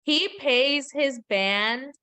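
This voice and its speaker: A woman's voice: high-pitched, drawn-out words, sharp tone. A woman hosting a podcast, chatting casually and animatedly about pop culture, with plenty of gossip and giggles. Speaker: podcast host.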